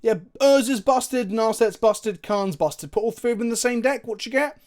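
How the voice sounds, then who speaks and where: A man streaming a card game, thinking aloud with excitable, profane commentary. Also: very high voice, normal speed.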